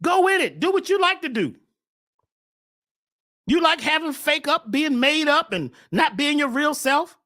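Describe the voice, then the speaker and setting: A man hosting a spiritual talk show, preaching with fire, shouting at times and then dropping to a hush. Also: very high-pitched, very animated, measured pace, pauses often. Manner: preachy, swings from shouting to hushed. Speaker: host.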